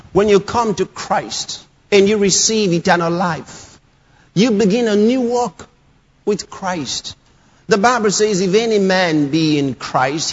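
A man preaching a sermon, emphatic and repetitive, reading scripture lines aloud and pressing them home. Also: high-pitched. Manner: emphatic, repeats scripture lines, rising to shouts. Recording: dull lo-fi sound with long hall reverb.

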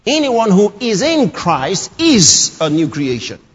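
High-voiced preacher man in a reverberant hall. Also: wildly swooping pitch, slow pace, husky. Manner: emphatic, repeats scripture lines, rising to shouts. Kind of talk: sermon. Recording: dull lo-fi sound with long hall reverb.

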